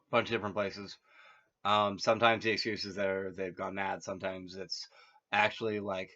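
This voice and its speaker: A man's voice: low-pitched, a bit bright. A man casually retelling a story, rambling with many fillers and restarts and chuckling at his own jokes. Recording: muffled lo-fi audio.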